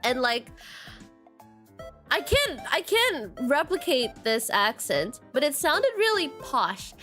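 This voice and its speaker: A woman's voice: high voice, a bit bright. A young woman streamer in casual chat, reading viewer comments aloud with giggles and a habit of repeating "question mark".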